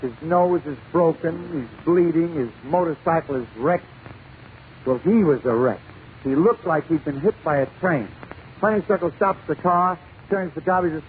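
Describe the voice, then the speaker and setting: Man, 1940s radio comedy monologue, punchy storytelling, tinny lo-fi broadcast sound, faint hiss. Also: on the high side. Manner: punchy, brisk storytelling with dialect voices.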